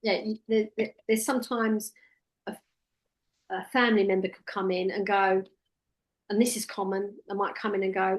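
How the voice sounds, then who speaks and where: A woman coaching a trainee one-to-one. Her voice sits at a middle pitch, and she talks direct and practical, dropping into a softer, soothing tone when she quotes what she tells clients. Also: little pitch movement, normal speed, pauses often. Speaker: hypnotherapy trainer. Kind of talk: casual one-to-one teaching.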